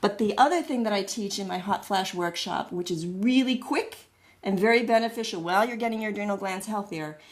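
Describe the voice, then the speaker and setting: A woman's voice: mid-range voice, a little mellow. A middle-aged woman gives a friendly, explanatory lecture as a wellness educator. She talks casually and fills the lesson with everyday analogies, sometimes acting out little voices to make a point. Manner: chatty, acts out little voices in her analogies.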